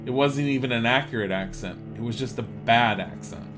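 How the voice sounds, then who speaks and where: A man live-streaming a video game from his home, chatting casually, rambling and laughing, with bursts of swearing and excitement. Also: mid-range voice, fairly quick, music in the background. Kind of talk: casual live-stream chat over gameplay.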